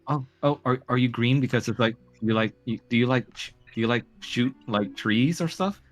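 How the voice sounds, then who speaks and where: A man voicing an excitable, curious little boy who rambles breathlessly in a tabletop game. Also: mid-range voice, moderate pace, voice pushed up, close to an everyday voice. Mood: awed. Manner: breathless, rambling kid talk with many "like"s.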